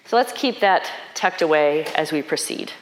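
A woman's voice: low-pitched, lively intonation, normal speed. Conversational woman preaching in an echoey room. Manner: reflective and conversational, questioning aloud. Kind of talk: sermon.

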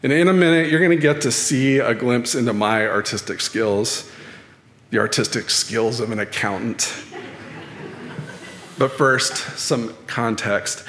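A man giving a sermon-style talk at church, measured and dryly self-deprecating. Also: mid-range voice, fairly bright tone. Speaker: lay speaker at church. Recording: echoey hall with long reverb.

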